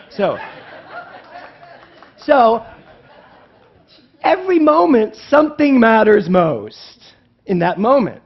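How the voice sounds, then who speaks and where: Animated male minister preaching. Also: a little high, highs cut off. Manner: animated preaching, swinging between loud and hushed; asks the congregation questions. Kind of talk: sermon. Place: church sanctuary.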